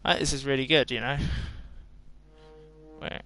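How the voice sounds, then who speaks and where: Bright-voiced young man with an English accent. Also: mid-range voice, fairly even intonation, a little slow, soft background music. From Ireland. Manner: rambling, self-mocking, chatty. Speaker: gaming streamer. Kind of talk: casual gameplay commentary.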